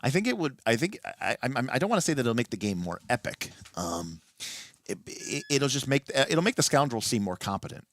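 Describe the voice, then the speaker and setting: A man hosting a late-night livestream and explaining tabletop game rules as a game master, animated and often restarting his sentences. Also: medium pitch, a little fast.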